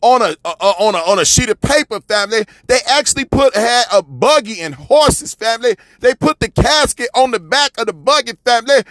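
High-pitched preachy man on radio. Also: dry recording, studio quality. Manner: preachy, repetitive, calls listeners "family" and "man"; swings from loud shouting to low mutters. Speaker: radio commentator. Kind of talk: fiery street-talk commentary.

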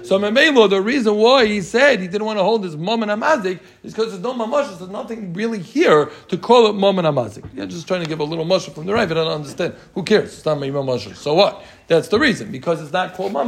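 A man teaching a Talmud class to students, lively and joking, who quizzes them with quick rhetorical questions. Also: sits high, vocal fry.

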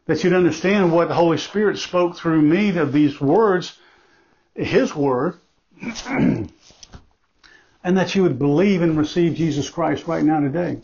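A man's voice: a little high, a little slow, long pauses, a little mellow, breathy edge. A man preaching a sermon as pastor, earnest and emphatic, repeating key phrases for weight. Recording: dull lo-fi recording.

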